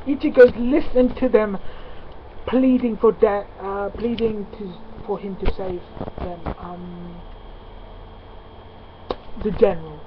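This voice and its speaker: A man giving a casual spoken review. He talks excitedly and often stops on "uh" and "um" mid-sentence. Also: sits high. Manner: excitable, halting with many fillers. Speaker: manga reviewer. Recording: lo-fi with steady background noise.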